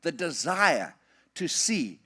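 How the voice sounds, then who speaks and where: A middle-aged man preaching a sermon, reading scripture slowly and emphatically, then rising and falling in loudness as he drives his points home. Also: husky. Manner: animated preaching with lively swings in pitch and volume.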